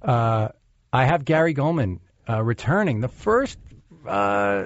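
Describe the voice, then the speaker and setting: A man hosting a podcast, chatting and teasing his guest in a halting way full of fillers. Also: medium pitch, animated, dry recording, highs cut off. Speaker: podcast host. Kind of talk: casual interview chat.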